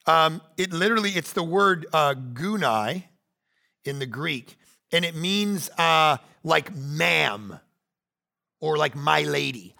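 Gravelly, bright-voiced preacher man in his forties. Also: fairly high pitch, slow. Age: 40s. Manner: animated preaching, swings between loud bursts and hushed asides. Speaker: pastor. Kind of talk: sermon.

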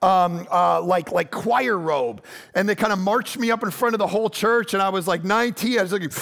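A man preaching a sermon as pastor, telling lively personal stories and swinging from loud, punchy lines to low, quiet ones. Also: normal speed, creaky.

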